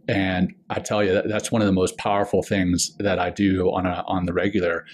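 A man co-hosting a podcast interview, sharing a personal story in a halting, heartfelt way with many restarts. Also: deep voice, flat delivery. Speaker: podcast co-host.

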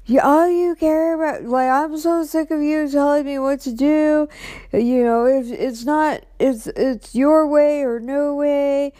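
A woman voicing her angry young boyfriend as he yells accusations at her. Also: high-pitched, a little slow, no room sound, clean studio sound, voice pushed up. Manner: shouting accusations.

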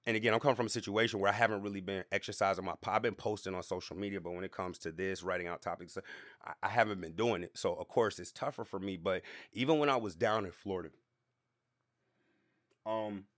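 A man's voice: low voice, quick pace, a bit bright, dry recording. Chill guy on a podcast rambling through a story, lots of slang and "you feel me" asides, dry sound. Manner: laid-back, slangy, repeats fillers and asides to the listener. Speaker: podcast host. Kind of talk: casual storytelling monologue.

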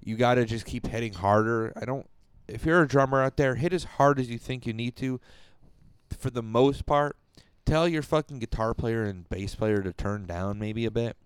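A man co-hosting a casual music podcast, talking in a rambling, profane way with lively jumps in pitch. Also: moderate pace, smooth, no echo, clean studio sound. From Rochester, New York. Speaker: podcast co-host. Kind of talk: casual chat.

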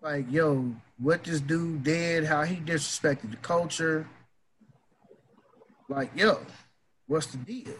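A man's voice: fairly high pitch, slow pace, long pauses, fairly bright tone, slight background noise, rough recording. A man ranting in a casual opinion talk, emphatic, heated and profane.

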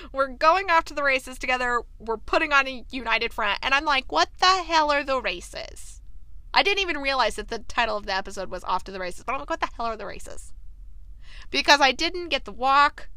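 A woman's voice: fairly high pitch, bright, forceful tone, smooth, no room sound. A woman in a casual recap, animatedly acting out characters' lines and reading passages aloud. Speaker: book and TV commentator.

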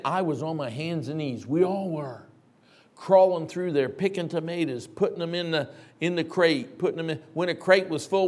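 A middle-aged man preaching a sermon, telling a story and acting out the voices in it, sometimes shouting. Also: medium pitch. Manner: animated, acts out voices and shouts in stories.

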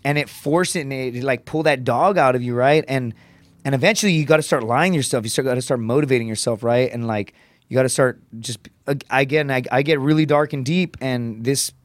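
A man's voice: medium pitch, fairly quick, no room sound. A man in his thirties, a comedian appearing as a podcast guest, telling personal stories in a casual, profane way and often tagging his sentences with "right?". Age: 30s. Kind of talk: casual storytelling.

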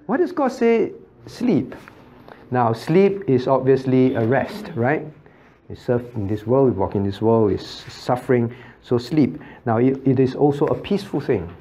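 A pastor leads a Bible study in a medium-pitched, dark-toned voice that swings widely in pitch and moves at an unhurried pace. He keeps putting questions to his listeners, checks in with "right?", and chuckles often as he explains. A faint hiss or hum sits under the recording.

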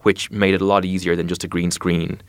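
A man's voice: sits low, little pitch movement, brisk, no room sound. A man, an actor being interviewed, talking in a thoughtful, rambling way with many fillers. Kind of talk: casual interview chat.

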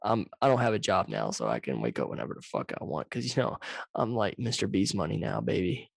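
A man hosts a casual podcast over a video call, telling stories in an animated, profane way. His mic sits right up against him, so he comes through loud and close. The sound is dry. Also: low voice, fast talker, vocal fry, no room sound. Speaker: podcast host. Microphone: too close to the microphone, loud.

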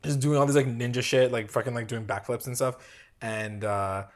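A man's voice: medium pitch, steady tone, moderate pace, a crowd in the background. A man chatting as co-host of a recap podcast. He talks loosely and with a lot of energy, swears often, and acts out the lines he quotes. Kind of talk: casual recap chat.

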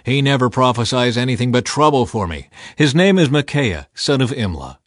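A man's voice: lively intonation, normal speed, no room sound, studio quality, close to an everyday voice. A man voicing an imperious, angry king. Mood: demanding. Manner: commanding, raises voice louder and higher.

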